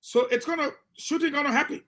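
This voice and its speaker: A man with a Liberian English accent comments on a call-in radio program. His voice is bright and forceful, and he drives each point home by repeating it. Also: very high-pitched, fairly even intonation, fast, slight background noise. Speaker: political commentator on call-in show.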